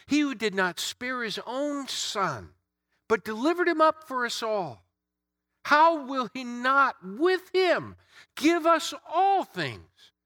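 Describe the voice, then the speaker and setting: A man's voice: medium pitch, sharp tone, no echo, studio quality. A man preaching an Easter sermon, emphatic, building through repeated phrases.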